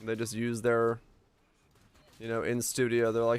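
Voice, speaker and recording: A man's voice: mid-range voice, completely flat delivery, measured pace, pauses often, clean tone. A man streaming a game and chatting casually with his viewers, musing and rambling as he answers their comments. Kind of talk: casual stream chat while gaming.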